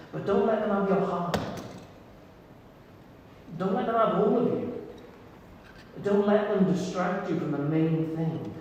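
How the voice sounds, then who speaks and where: A man preaching a sermon as pastor, earnest and intimate, with soft pauses. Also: high-pitched. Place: church hall. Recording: echoey hall from far off, faint noise.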